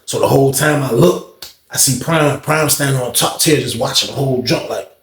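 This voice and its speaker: Slangy, animated male storyteller. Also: mid-range voice, moderate pace. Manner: slangy, animated, profane, lots of fillers. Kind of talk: casual storytime vlog. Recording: roomy echoey room.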